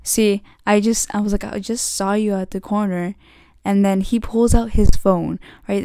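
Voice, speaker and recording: A young woman rambles through a story on her own podcast, leaning on "like" and starting sentences over. Her voice is mellow and soft-edged, and the recording is dry with no room sound. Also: mid-range voice, steady tone, normal speed, no echo. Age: young adult. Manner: rambling, full of "like" and "legit", many restarts. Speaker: podcast host. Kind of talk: casual storytelling monologue.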